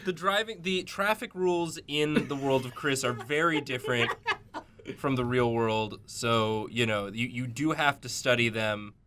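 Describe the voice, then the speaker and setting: A young man co-hosting a casual drawing show, playful and quick to laugh. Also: mid-range voice, background noise. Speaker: co-host. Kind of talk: casual chat while drawing.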